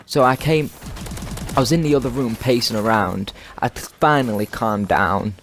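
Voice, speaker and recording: A man's voice: medium pitch, normal speed, a bit bright, a little hiss or hum. A teenage boy, telling a long rambling story over gameplay and swearing constantly. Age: teens. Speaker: gaming video commentator.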